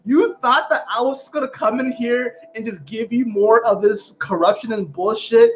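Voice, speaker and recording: A man's voice: very high-pitched, moderate pace, dull audio, voice pushed up. A man voicing the planet Jupiter as an angry, scornful male god who scolds and swears. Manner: profane, scolding, indignant.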